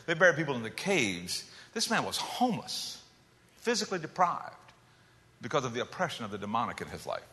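A man preaching a dramatic sermon, shifting between loud emphatic calls and hushed low asides. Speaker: pastor. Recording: long hall reverb.

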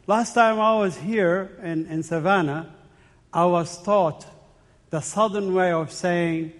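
A man's voice: high voice, fairly even intonation, slow. A man from the Middle East speaking as guest preacher in a church, earnest and personal, telling stories and chuckling between points. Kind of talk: sermon with anecdotes. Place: church sanctuary. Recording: long church hall reverb.

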